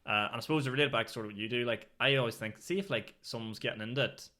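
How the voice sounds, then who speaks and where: Fast-talking, rambling podcast host. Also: male voice, mid-range voice, bright, forceful tone. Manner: rambling storyteller with lots of fillers and swearing. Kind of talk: casual podcast chat.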